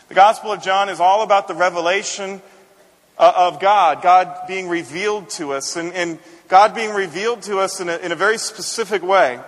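A man's voice: sits high, a bit bright, in a large hall. A man, a senior pastor, preaching a conversational sermon and often repeating words as he builds a point.

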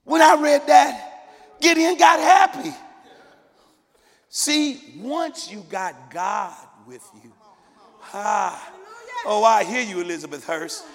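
A man's voice: sits high, slow, long pauses, fairly bright tone, big-room sound. A man preaching a sermon to his congregation in a church, fervent and conversational with call-and-response. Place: church sanctuary.

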